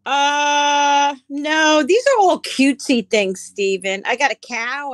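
Woman, live-stream auction seller, unhurried chatty delivery, slightly high voice. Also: dry recording. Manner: chatty, answers viewer comments by name; describes items aloud as she handles them. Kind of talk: casual live-stream selling.

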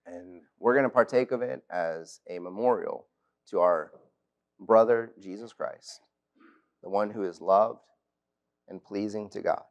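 A man's voice: lowish voice, unhurried, creaky, pauses often, highs cut off. A man in his thirties or forties preaching a sermon in a church, earnest and personal, weaving in stories from his own family. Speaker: preacher at youth lectures. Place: church auditorium.

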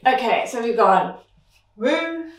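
Young female dance teacher, working out moves aloud with beat sounds, slightly high voice, picked up from across an echoey room. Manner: vocalizes counts as beat sounds. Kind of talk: thinking aloud while choreographing. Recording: roomy echo, mic at a distance.

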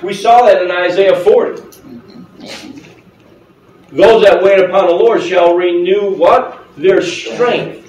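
Speaking from the sanctuary to his congregation, this male pastor keeps his sermon conversational, asking them questions and often breaking into laughter. He has a high, somewhat mellow voice, animated yet measured in pace. The mic sits at a distance, giving roomy church acoustics and slight background noise.

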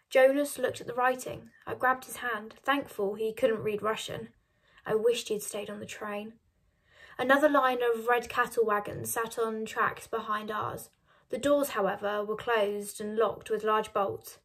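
A woman reading a novel aloud in a soft, measured storytelling manner. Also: fairly high pitch, fairly even intonation. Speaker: reader.

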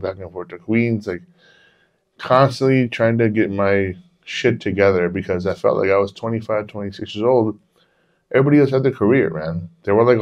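Low-voiced man rambling through a story. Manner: rambling, swears freely, repeats himself. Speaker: podcast co-host. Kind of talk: casual storytelling to a friend. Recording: dull lo-fi podcast audio.

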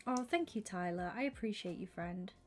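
A woman's voice: medium pitch, expressive, normal speed, soft background music. Young woman, gaming streamer, chatty, thinks aloud, half-whispered asides. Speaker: livestreamer. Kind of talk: casual gaming stream chat.

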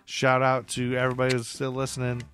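A man's voice: mid-range voice, monotone, fast talker, fairly bright tone. A man co-hosting a casual podcast, rambling and joking with lots of fillers. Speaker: podcast co-host. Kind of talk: casual chat.

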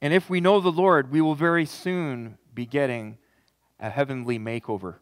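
A man's voice: mid-range voice, steady tone, normal speed. A man preaching as pastor, reading scripture aloud and then building to an impassioned close. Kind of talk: sermon. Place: church sanctuary. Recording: reverberant church hall.

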